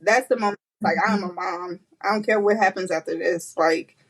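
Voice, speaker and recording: A woman guest on a podcast, telling a personal story with animated quoted voices and frequent laughter. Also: brisk, husky, rough recording. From United States. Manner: animated, acts out quotes with high pitch, laughs often. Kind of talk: emotional storytelling interview.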